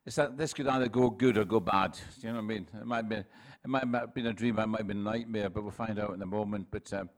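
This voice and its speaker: A Scottish man in his sixties, a pastor preaching a relaxed sermon full of jokes, stories and quick restarts. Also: on the low side. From Scotland. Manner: chatty, self-deprecating, with frequent laughs and restarts. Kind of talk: sermon with humorous anecdotes.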